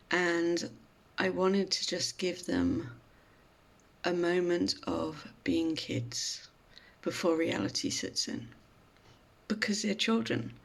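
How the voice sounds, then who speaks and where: Woman doing grieving widowed father, soft apologetic manner, slow pace, gravelly. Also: on the low side, heavily acted.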